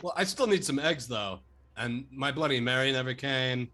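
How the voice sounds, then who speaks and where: A man's voice: mid-range voice, moderate pace, sharp tone, a little hiss or hum. A man speaking in character as a player in a tabletop game, with a dry, hesitant manner.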